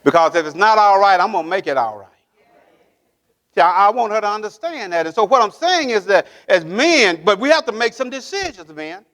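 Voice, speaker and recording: High-voiced man preaching a sermon. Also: sing-song, a little fast, a bit bright. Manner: preaching with call-and-response questions to the congregation; emphatic, repeating key phrases. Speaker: pastor. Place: church sanctuary.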